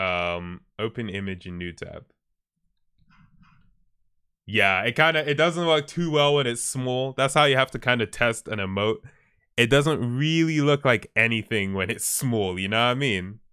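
A man's voice: mid-range voice, animated, normal speed, sharp tone, clean tone. A man livestreaming who chats casually with his viewers, laid-back and often chuckling as he reacts to their posts. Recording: stream with faint background music.

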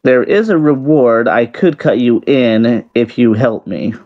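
A man's voice: medium pitch, measured pace. A man playing a tabletop role-playing game, talking casually and a little hesitantly. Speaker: player. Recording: muffled lo-fi recording.

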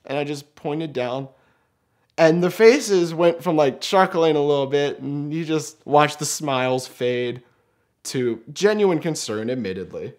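A man's voice: a little high, unhurried. A young man telling a story in a casual, self-mocking way, acting out what he and his friends said. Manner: animated, self-mocking, acts out quoted lines.

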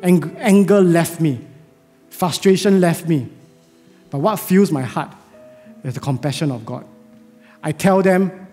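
A man's voice: on the high side, measured pace, pauses often. Pastor guy preaching, earnest, asks lots of questions, long church echo. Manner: earnest, emphatic rhetorical questions. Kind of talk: sermon. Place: church sanctuary. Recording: echoey church hall with soft music.

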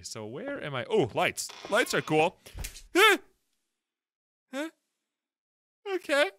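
A man's voice: a little high, very animated, normal speed, pushed and bright, slight background noise. A man doing horror game commentary, jumpy, screaming and laughing nervously. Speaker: gameplay video host.

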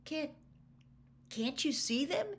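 A woman's voice: high-pitched, big pitch swings, slow pace, pitched above the performer's own voice, full character voice. A woman voicing an earnest, agitated teenage boy wizard, talking in an urgent, strained way, set well above her own voice.

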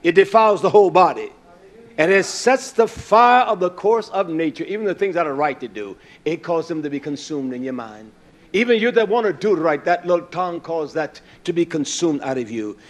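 A man preaching a sermon in a blunt, scolding way, dropping to a hush and then rising loud and emphatic. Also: on the high side, lively intonation, normal speed.

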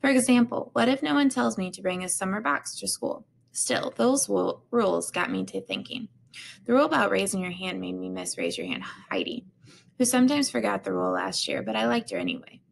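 A woman reads a children's storybook aloud at a middle pitch. Her voice carries a heavy gravelly fry. She reads unevenly, backing up and repeating words. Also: expressive, brisk. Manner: unpolished reading with restarts and repeated words. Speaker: reader of a children's book.

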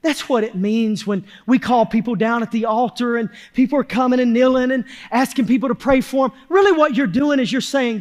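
A male pastor, preaching a fervent sermon, shouting at its peaks and then dropping low and quiet, with folksy phrasing. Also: fairly quick, few pauses. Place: church sanctuary.

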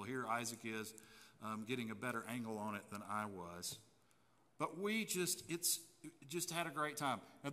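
A man's voice: mid-range voice, pushed and bright. A man preaching a sermon as pastor, chatty and folksy, often restarting his sentences. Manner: folksy and conversational, with frequent restarts. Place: church sanctuary. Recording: long church hall reverb.

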